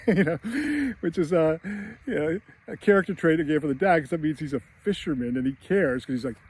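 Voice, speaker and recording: A man's voice: a little high, fairly quick, darkish tone. A man giving a casual, rambling film analysis with many fillers and chuckles. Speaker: screenwriting commentator.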